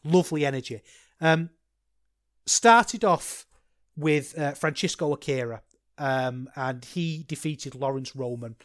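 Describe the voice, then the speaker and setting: A man's voice: fairly high pitch, measured pace, dry recording, studio quality. A man hosting a solo podcast, rambling and self-deprecating, with frequent restarts. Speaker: podcast host.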